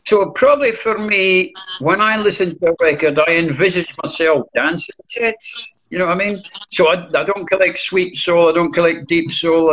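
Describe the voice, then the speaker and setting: A man's voice: fairly high pitch, fairly bright tone, poor audio. An older Scottish man, a DJ guest in a casual interview, talking bluntly and swearing freely. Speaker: guest, DJ and record collector.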